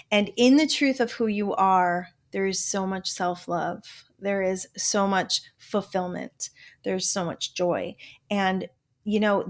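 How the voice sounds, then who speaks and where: An older woman hosting a motivational self-help talk show, emphatic and blunt, swearing casually and now and then slipping into a joking Southern drawl. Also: mid-range voice. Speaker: podcast host.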